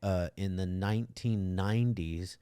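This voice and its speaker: A middle-aged man with a very low voice talks candidly in a casual podcast conversation. He rambles, trips over himself and restarts his sentences as he speaks. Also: a little slow, mellow, smooth. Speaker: podcast host.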